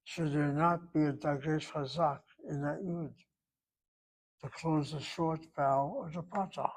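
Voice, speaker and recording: Man teaching a slow Hebrew grammar lesson. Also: a little high, fairly even intonation, rough recording. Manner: slow, explanatory, repeats words for drill.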